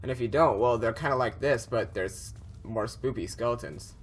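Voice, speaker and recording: A man's voice: mid-range voice, moderate pace. Young guy rambling thru a spooky game, um-ing a lot, faint hiss behind him. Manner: rambling, filler-heavy, easily startled. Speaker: gameplay commentator. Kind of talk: horror game let's play commentary.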